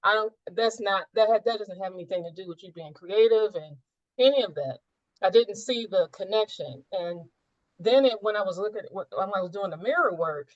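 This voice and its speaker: In a coaching session, a woman with a mid-range voice earnestly describes a personal spiritual experience, searching for words and often rephrasing mid-thought. As a coaching client, she is captured in a dull, dry recording with no room sound.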